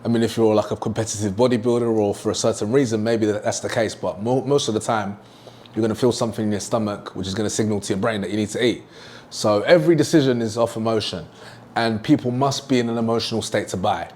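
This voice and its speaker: A man's voice: lowish voice, quick pace, darkish tone, slight background noise. A young man teaching a sales lesson at a whiteboard, emphatic and repeating his key points. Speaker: sales trainer.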